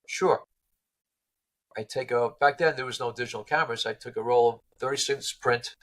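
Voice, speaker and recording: Male interview guest, animated storyteller who voices his quotes. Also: medium pitch, fast, low-quality recording. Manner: lively, acts out quoted people in voices. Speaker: interview guest, car restorer.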